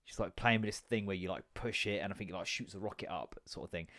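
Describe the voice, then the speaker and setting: A man's voice: sits low, fast, fairly bright tone, no echo, clean studio sound. A man, hosting a podcast in casual, jokey chat full of swearing and rambling asides. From United Kingdom. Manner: comedic, stand-up performer. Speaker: podcast host.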